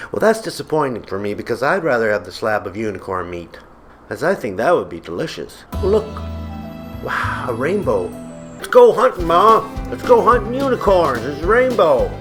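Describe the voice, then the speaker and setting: A man's voice: lowish voice, a bit bright. Sarcastic man ranting over faint music. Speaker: vlogger. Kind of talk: comedic ranting monologue. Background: faint background music.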